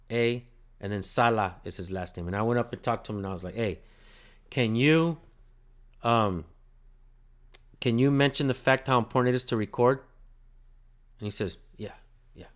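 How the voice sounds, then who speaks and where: A man hosting a casual livestream, telling a story bluntly with lots of swearing and thanking his viewers. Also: medium pitch. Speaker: channel host filming police.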